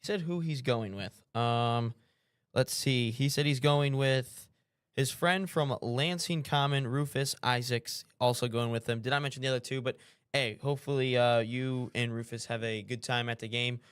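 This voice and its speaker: A man's voice: mid-range voice, steady tone, moderate pace, smooth. A man co-hosting a live show, talking in an easygoing, chatty, upbeat way. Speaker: co-host. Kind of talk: casual live show chat.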